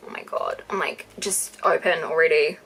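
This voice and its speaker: A young woman with a New Zealand accent gushing excitedly through an unboxing vlog. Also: low voice, normal speed, creaky, slightly rough. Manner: gushing, excitable, gasping and squealing. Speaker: YouTuber.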